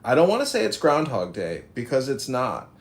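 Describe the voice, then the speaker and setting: A man's voice: mid-range voice, huge pitch swings, normal speed. A man hosting a social audio room, ranting brashly and mocking his critics from his office. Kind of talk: combative livestream rant. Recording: echoey room sound.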